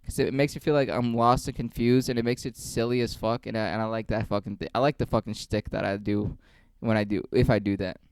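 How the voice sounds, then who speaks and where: A man's voice: lowish voice, fairly even intonation, a little fast, clean tone, no echo. A young man, a stand-up comedian, rambling through a casual vlog with lots of swearing and self-mockery. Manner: rambling, profane, self-mocking.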